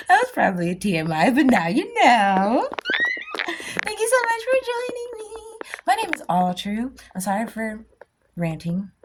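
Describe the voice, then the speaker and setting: A woman giving a blunt, impassioned motivational rant as a spiritual vlogger, swinging from loud bursts to soft whispers. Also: on the high side, wildly swooping pitch, normal speed, noisy background.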